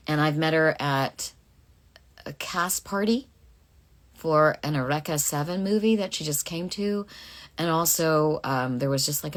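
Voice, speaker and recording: A woman voice actress chatting through a live fan Q&A, reading out questions and answering casually. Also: deep voice.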